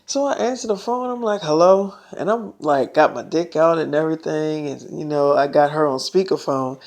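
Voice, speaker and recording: A man's voice: fairly high pitch, moderate pace, darkish tone. A man telling a made-up story in a casual, slangy, rambling way, full of fillers.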